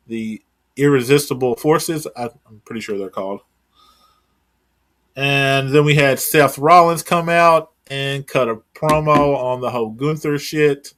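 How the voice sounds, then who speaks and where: A man talking through wrestling results in a loose, rambling way, with offhand swearing. His voice sits at an everyday middle pitch. He sounds relaxed and unscripted, like a podcast co-host chatting with a friend. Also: clean tone. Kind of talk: casual wrestling recap chat.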